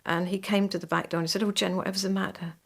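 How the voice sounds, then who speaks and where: A woman's voice: medium pitch, level tone, rapid-fire, vocal fry. A woman recounting her own story in an interview, vividly quoting what was said. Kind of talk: interview recollection.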